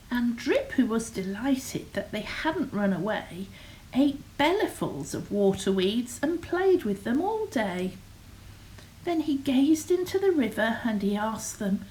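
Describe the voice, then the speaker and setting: An older woman reading a picture book aloud to young children, expressive and unhurried. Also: fairly high pitch, poor audio. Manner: expressive, sing-song and unhurried. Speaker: storyteller.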